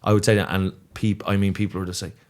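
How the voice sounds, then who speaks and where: A man's voice: on the low side, flat delivery, fast. A young Irish man on a podcast, bantering in a teasing, mock-outraged way. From Ireland. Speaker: podcast co-host. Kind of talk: casual banter.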